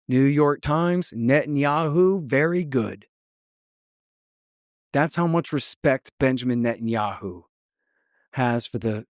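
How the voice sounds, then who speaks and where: A man's voice: medium pitch, darkish tone, no room sound, studio quality. A man being interviewed on a podcast, talking bluntly and sarcastically, mocking the people he quotes as he tells his story. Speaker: guest.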